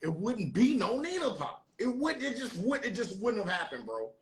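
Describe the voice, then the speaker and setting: Man, St. Louis accent, rapper, profane, animated storytelling, loud acted-out quotes, lively pitch. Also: moderate pace. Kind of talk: storytelling debate.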